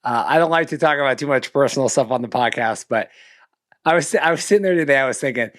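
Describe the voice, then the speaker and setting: A man's voice: medium pitch, fast talker. A young man co-hosting a casual podcast, rambling and self-deprecating, often restarting his sentences. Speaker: podcast co-host.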